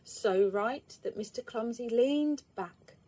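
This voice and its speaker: A woman, reading a children's storybook aloud in an expressive, lively way. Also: a little high, slow.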